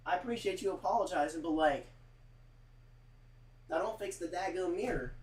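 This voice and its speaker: A man streaming and talking straight to his chat in a loose, rambling way, leaning on "like" and stuttered restarts. His voice sits a bit higher than most men's, and his tone is earnest. A faint hiss runs under the recording. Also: normal speed, long pauses, darkish tone, poor audio. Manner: rambling, heavy use of "like", repeats himself; earnest, close to tears at times. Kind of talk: casual livestream monologue.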